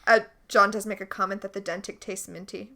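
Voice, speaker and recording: A woman's voice: medium pitch, steady tone, a little fast, sharp tone. A woman co-hosting a podcast, animatedly and enthusiastically recapping a TV episode in casual chat. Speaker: podcast co-host.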